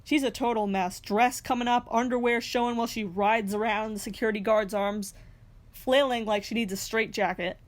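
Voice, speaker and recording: A woman's voice: a little high, steady tone, moderate pace. A young woman narrating a reality TV recap in a scripted way, with sarcastic, snarky asides. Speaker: recap host.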